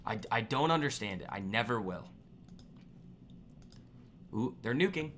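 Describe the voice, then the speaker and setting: A man's voice: medium pitch, expressive, unhurried, noisy background. A man hosting a live trading stream, ranting bluntly and with exasperation at viewers' poor trades. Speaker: trading livestream host.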